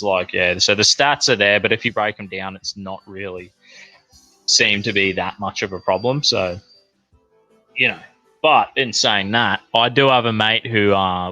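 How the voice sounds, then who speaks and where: A man's voice: on the low side, pushed and bright, low-quality recording. A man with an Australian accent in a casual, rambling rant, swearing constantly and filling gaps with "uh" and "you know".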